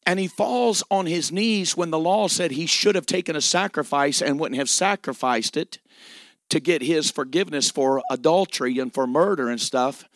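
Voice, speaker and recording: A man preaching a sermon with emphatic delivery, dramatic pauses and repeated phrases. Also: fairly high pitch, no room sound, clean studio sound.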